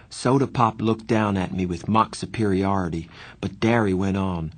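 A man reading a novel aloud as the first-person narrator, in plain, steady storytelling. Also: deep voice, normal speed. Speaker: audiobook narrator.

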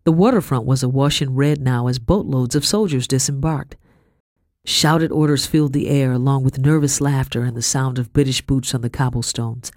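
A woman narrating a first-person audiobook in a measured, steady storytelling voice. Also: very deep voice, dry recording, studio quality.

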